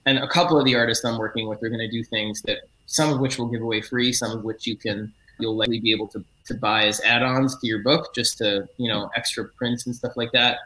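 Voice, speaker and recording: A man's voice: medium pitch, fairly even intonation, a little fast, hardly any pauses, pushed and bright, rough recording. A middle-aged man, a comic book writer, explaining his work in a casual interview, earnest and eager, often correcting himself mid-sentence.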